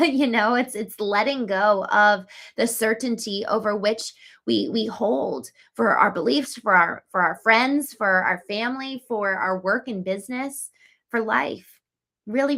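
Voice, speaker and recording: A woman hosts a casual livestream, speaking earnestly and reflectively as she reads out chat comments, her speech full of ums and likes. Her voice is mid-range and a bit bright.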